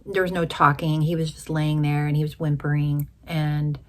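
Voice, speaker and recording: A middle-aged woman speaking in a slightly low voice, recounting a personal story with tenderness. Her delivery is emotional and at times sinks to a hushed near-whisper. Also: flat delivery, moderate pace. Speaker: widowhood coach.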